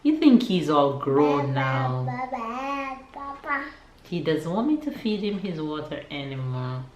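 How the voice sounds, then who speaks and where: A woman's voice: sits low, very animated, takes it slowly, long pauses, darkish tone, highs cut off. A young woman from Jamaica chatting casually to her vlog viewers and cooing at her baby. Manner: chatty, laughs often, coos at her baby. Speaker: vlogger. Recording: roomy echo, faint background noise.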